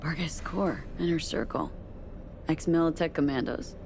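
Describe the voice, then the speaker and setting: A woman voicing a hardened, wary female ex-spy in video game dialogue, speaking in a low, gravelly way. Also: moderate pace, a little mellow, slight background noise. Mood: briefing.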